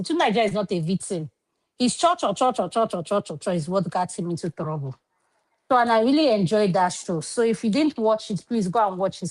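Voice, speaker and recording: A woman's voice: mid-range voice, darkish tone, low-quality recording. A Nigerian woman moderator on an online panel, chatty and assertive. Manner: assertive and chatty, pleading then scolding.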